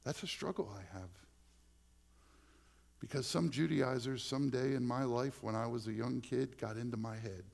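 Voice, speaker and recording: A man's voice: medium pitch, moderate pace, gravelly, a little mellow. A male pastor preaching a conversational sermon full of personal stories, often dropping to a near-whisper for emphasis.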